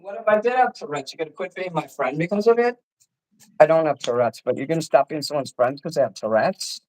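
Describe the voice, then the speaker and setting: Angry rambling man, higher voice. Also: expressive, a little fast, a little mellow, rough recording. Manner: angry, profane, repeats himself, talks over the other speaker. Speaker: artist ranting on a call-in show. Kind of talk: agitated rambling rant.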